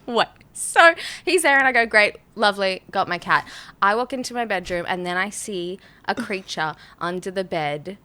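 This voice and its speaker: A woman hosting a podcast, telling a story in casual chat with lots of laughter and animated reenactments. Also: mid-range voice, moderate pace, clear, resonant tone. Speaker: podcast host.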